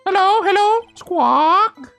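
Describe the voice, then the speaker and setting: A man voicing a squawking female pet parrot in a courtroom game, with a shrill, screechy delivery. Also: lively intonation, slow pace, vocal fry, sharp tone, no echo, faint music behind, exaggerated voice.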